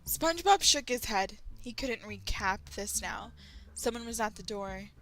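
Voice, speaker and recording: A woman from Texas reading fan fiction aloud as a channel host, in an animated way and often breaking off to react. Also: fairly high pitch, measured pace, soft background music, poor audio. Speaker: story reader, channel host.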